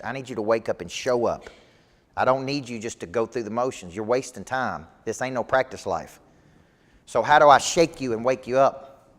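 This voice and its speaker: A man, a business coach giving a motivational speech to a live audience, emphatic and repetitive. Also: mid-range voice. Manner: emphatic, repetitive rallying delivery. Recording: long hall reverb.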